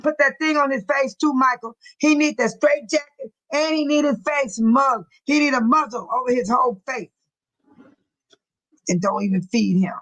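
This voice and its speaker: A woman's voice: high voice, normal speed, fairly bright tone, rough recording. Outspoken woman reacting to live chat. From Illinois. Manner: outspoken, reads chat aloud and reacts with blunt opinions. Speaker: livestream host reading viewer comments. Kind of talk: casual livestream commentary.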